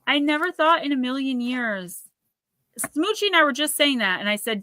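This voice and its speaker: A woman hosting a live stream, chatting in a rambling, animated way and reading oracle cards aloud. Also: high voice, normal speed. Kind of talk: casual live-stream chat and card reading.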